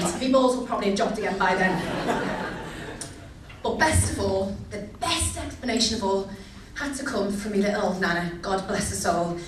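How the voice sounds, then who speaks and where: A woman's voice: medium pitch, a little hiss or hum. A young woman doing a cheeky, chatty stand-up set, asking the crowd questions. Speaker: stand-up comedian. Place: comedy venue. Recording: echoey venue, distant mic.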